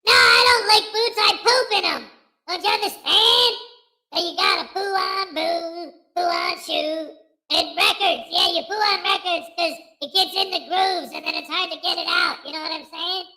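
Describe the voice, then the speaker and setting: A man's voice: very high-pitched, moderate pace, pushed and bright, voice pushed up, heavily acted. A man voicing a goofy, mischievous male voodoo doll that rambles and giggles on a live stream. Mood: silly.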